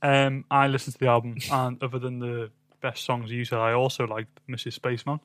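Laid-back male co-host, mid pitch, dry close mic. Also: level tone, fairly quick, a bit bright, no echo. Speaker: podcast co-host reviewing albums. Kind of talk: casual chat.

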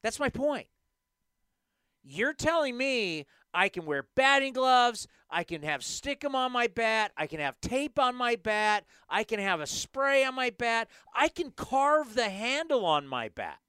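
A man hosting a sports talk show, ranting in an animated, emphatic way into a studio microphone. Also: extremely high pitch, unhurried, clean tone, dry recording. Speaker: sports podcast host.

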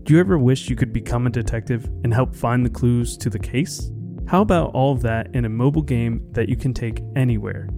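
A man reading a scripted advertisement in an upbeat sales-pitch manner. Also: brisk, mellow, faint music behind. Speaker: ad reader.

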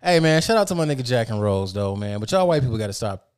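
A man's voice: medium pitch, very animated, fast, darkish tone, clean tone. A man co-hosting a casual podcast, blunt, profane and joking. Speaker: podcast co-host.

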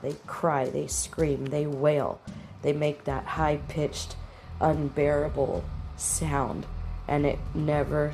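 A woman's voice: low-pitched, a little mellow. A woman teaching about relationships in a plain-spoken, direct way, giving firm practical instructions. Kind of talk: instructional talk to camera.

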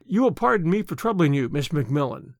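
Kindly gentleman, courteous, gentle, dry, man voicing. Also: fairly high pitch, very animated, fairly quick, creaky, dry recording.

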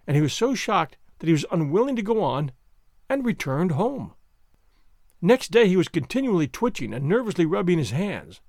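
A man narrates a classic story with expressive, animated intonation. His voice sits a little high. The recording is dry and close, with no room sound. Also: no echo. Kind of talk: audiobook reading of a classic story.

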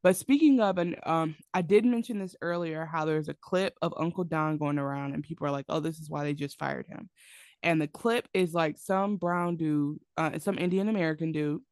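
A woman co-hosting a podcast in casual chat, animated and opinionated, swearing freely as she makes her points. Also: deep voice, normal speed, few pauses, no echo, studio quality. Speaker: podcast co-host.

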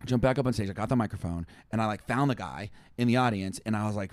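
A young man telling a long, rambling story in casual chat, animated and full of fillers. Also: lowish voice, fast talker, hardly any pauses, no room sound, clean studio sound. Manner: animated, rambling, heavy use of "like". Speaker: touring musician, guest.

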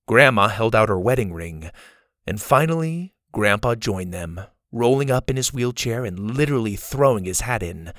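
A man reading a scripted children's adventure story as the show's storyteller, in an even, measured way. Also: on the low side, no room sound, studio quality.

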